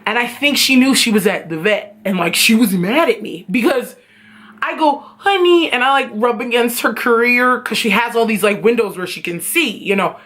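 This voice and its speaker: A woman vlogger telling a casual storytime, animated and profane, often laughing. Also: a little high, moderate pace.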